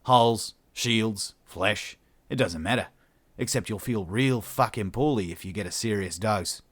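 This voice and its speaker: A man's voice: fairly low pitch, unhurried, a bit bright, dry recording. A man voicing a cocky, menacing human male salvager who talks casually, swears and keeps saying "mate".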